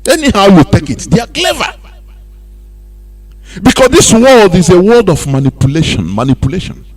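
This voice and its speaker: A Nigerian man hosting a radio talk show, speaking in a loose, animated monologue that mixes in pidgin. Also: high voice, moderate pace. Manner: animated, mixing pidgin and laughing asides. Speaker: radio host.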